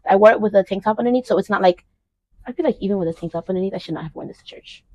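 A woman's voice: medium pitch, racing, a little mellow, poor audio. A young woman chatting casually and playfully in a clothing try-on vlog, with joking asides. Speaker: vlogger.

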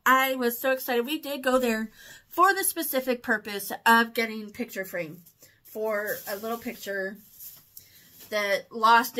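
A woman chatting casually in a shopping haul vlog, telling stories in an excitable, chatty way. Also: on the high side. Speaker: haul vlogger. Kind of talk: casual chat.

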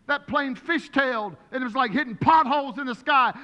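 A man preaching as pastor, emphatic and repetitive, his voice rising to shouts. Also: very high voice, a little fast, big-room sound, dull audio. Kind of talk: sermon.

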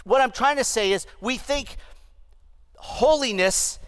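A pastor in his fifties preaching an animated, humorous sermon to his church, with asides to the congregation. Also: extremely high pitch, takes it slowly, clean tone. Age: 50s. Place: church sanctuary.

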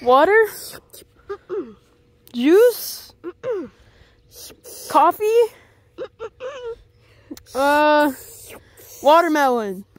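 High-voiced kid owner, a woman doing it, slow and rambly, guessing stuff, bit of background noise. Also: lively intonation, no room sound, heavily acted. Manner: chatty, puzzled guessing, rambling. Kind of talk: fan plush video acting.

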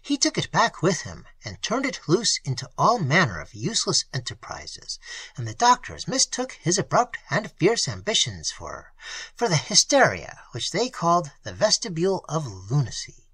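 A hoarse old pastor, as an audiobook reader puts him on, speaks with fervent, emphatic conviction. The voice is husky and bright, rising and falling dramatically. The recording is dry and close. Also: mid-range voice, wildly swooping pitch, normal speed, dry recording, exaggerated voice. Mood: grave.

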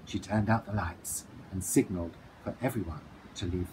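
A man, the author, reading his children's book aloud with a playful, lively storytelling manner. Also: low-pitched, moderate pace, hardly any pauses, background noise.

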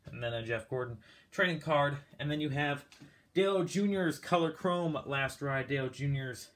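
A man's voice: fairly high pitch, normal speed, a bit bright. A man casually walking through his diecast car collection, rambling with lots of fillers and a bit out of breath.

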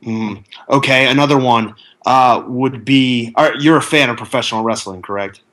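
Deadpan man, slow halting delivery. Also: mid-range voice. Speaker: co-host. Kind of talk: casual chat.

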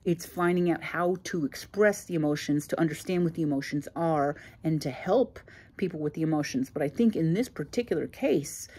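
A woman's voice: low-pitched, a little fast, a little mellow, breathy edge. A woman in her sixties, hosting her own channel, telling a personal story in a plainspoken, reflective way with frequent fillers. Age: 60s. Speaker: channel host.

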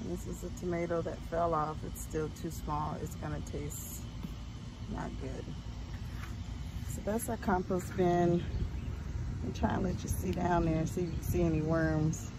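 A woman's voice: lowish voice, measured pace, long pauses, background noise. A woman chatting casually as she walks through her home garden outdoors, folksy and full of ums. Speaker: homestead vlogger.

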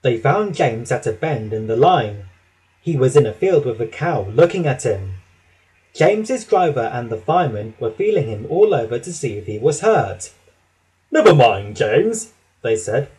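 A man narrating a children's storybook, reading slowly and expressively. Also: medium pitch, very animated, dark tone, husky, rough recording.

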